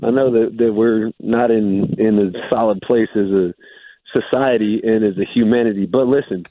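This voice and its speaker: A former pro football player calls in to a radio show, a man with a somewhat low voice who talks in a laid-back, upbeat way full of "like." The call comes through a tinny phone line that sounds dry and close. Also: steady tone, normal speed, no echo. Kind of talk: casual radio interview.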